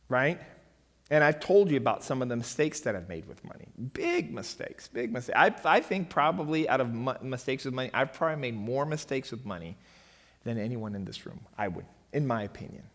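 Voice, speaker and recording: A man's voice: medium pitch, fairly bright tone. A middle-aged man giving a church finance seminar in an emphatic way, often checking in with his audience. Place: church hall. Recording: long reverb of a church hall.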